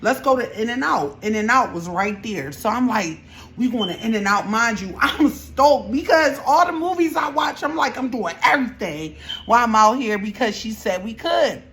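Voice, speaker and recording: A young woman vlogger chatting through a storytime while she does her makeup, animated and slangy. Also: on the high side, moderate pace.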